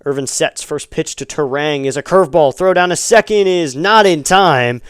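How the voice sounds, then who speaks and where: A man giving live fan play-by-play commentary on a baseball game, chatty between pitches and louder and quicker on big plays. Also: no echo, studio quality. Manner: conversational, rising to excited calls on big plays.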